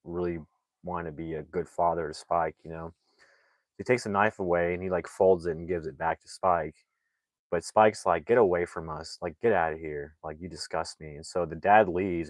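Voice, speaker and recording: A man with a low voice rambles through a movie plot in casual chat, filling every gap with "like" and "you know." He jumps into the characters' lines on the fly. The sound is dry, with no room around him. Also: no echo. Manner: rambling, heavy use of "like" fillers; acts out characters' lines in quick asides. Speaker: movie reviewer.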